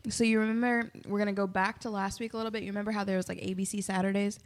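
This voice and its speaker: A woman in her late twenties co-hosting a casual podcast, excitable, giggly and slangy. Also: mid-range voice, very fast. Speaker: podcast co-host. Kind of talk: casual chat.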